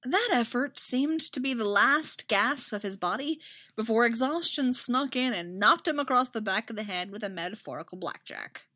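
A woman narrating a fan fiction story aloud with expressive delivery. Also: fairly high pitch, normal speed, dry recording, studio quality.

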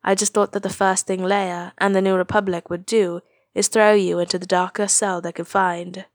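A woman voicing a young male hero who is earnest and stunned, at times raising his voice and at times speaking in a hush. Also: mid-range voice, flat delivery, normal speed, dry recording, clean studio sound, close to an everyday voice. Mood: incredulous. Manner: earnest, disbelieving, often hushed.

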